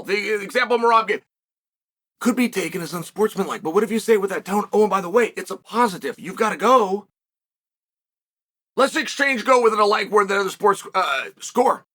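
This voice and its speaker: The host of a solo combat sports commentary show has a very high voice that's pushed and bright. He speaks with emphasis, leans on rhetorical questions, and occasionally turns up the volume.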